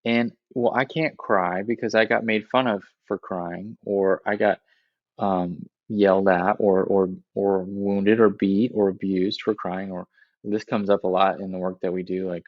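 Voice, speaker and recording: A man's voice: low voice, fairly even intonation, moderate pace, dry recording, dull audio. A man in a podcast conversation, explaining reflectively and often checking in with "right?" as he talks.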